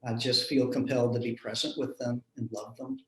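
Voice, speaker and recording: A man, a minister telling a personal story in an earnest, reflective way with soft chuckles. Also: medium pitch, little pitch movement, a little fast. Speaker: minister in a panel discussion. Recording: roomy echo.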